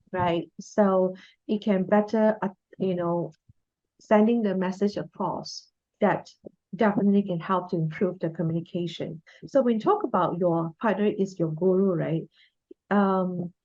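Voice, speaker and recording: A woman's voice: fairly low pitch, dry recording. Woman co-host steering a book chat. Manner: steady, guides the talk between topics. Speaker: podcast co-host. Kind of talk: casual book discussion. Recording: dull lo-fi dry sound.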